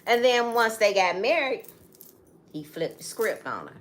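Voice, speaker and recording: A middle-aged woman with a slightly high, sing-song voice speaks unhurriedly while chatting with her co-host partner. She tells her story emphatically and keeps stepping aside to talk straight to the listeners.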